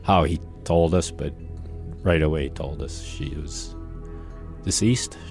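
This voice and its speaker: A grieving father recalling events in an interview, halting, with pauses and fillers. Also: a bass voice, darkish tone, soft background music. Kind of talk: interview recollection.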